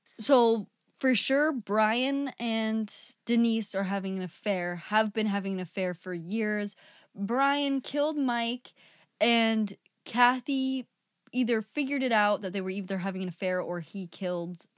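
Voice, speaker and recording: A woman co-hosts a podcast, chatting casually in conversation. Her mid-range voice is steady and measured, captured in a dry, clean studio recording.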